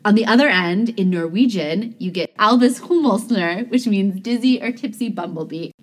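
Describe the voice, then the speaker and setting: A woman's voice: mid-range voice, normal speed. A woman co-hosting a podcast, reading scripted banter with a playful delivery. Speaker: podcast co-host.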